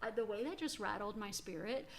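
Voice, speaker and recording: A woman's voice: medium pitch, animated, a little fast, over a noisy crowd. A woman co-hosting a podcast in casual chat, recapping and telling stories and reacting with gasps. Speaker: podcast co-host.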